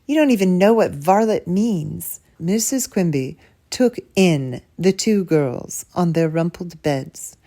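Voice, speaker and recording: Mellow woman reading a children's book. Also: lowish voice. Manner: expressive storytelling. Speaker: reader. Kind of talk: children's book read-aloud.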